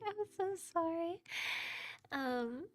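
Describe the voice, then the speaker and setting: Young woman, high voice, unhurried, giggly, self-deprecating, casual stream chat. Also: expressive. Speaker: VTuber streamer and model rigger. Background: soft background music.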